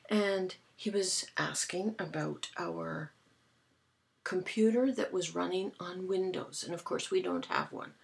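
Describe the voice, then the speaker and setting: A woman, casually telling stories to her camera in a dry, amused way, with soft breathy asides. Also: lowish voice. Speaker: vlogger. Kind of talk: casual chatty storytelling to camera.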